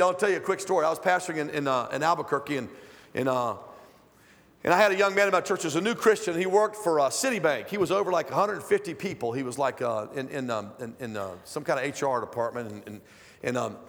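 A middle-aged man preaches to a congregation in a high, carrying voice. He tells stories in a chatty way and then builds to loud, emphatic declarations. His words ring out with a long reverb through a large church sanctuary. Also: gravelly. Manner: conversational, storytelling, rising to loud emphatic preaching. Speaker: guest preacher. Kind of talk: sermon.

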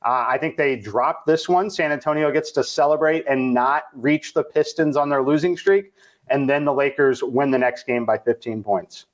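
A man on a sports betting panel, laying out his analysis in a measured way with hesitant restarts. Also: mid-range voice. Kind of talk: casual panel chat.

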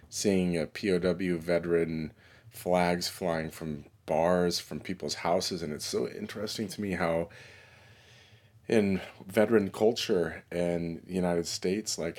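A man hosting his own podcast, talking in a relaxed, reflective way with pauses and fillers. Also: low-pitched. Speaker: podcast host and musician. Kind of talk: casual solo podcast monologue. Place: New York City.

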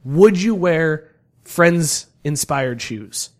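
A man's voice: fairly high pitch, animated. A man co-hosting a casual podcast, bantering and joking, also doing the sponsor reads. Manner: talkative, joking, fast-shifting banter. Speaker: podcast co-host.

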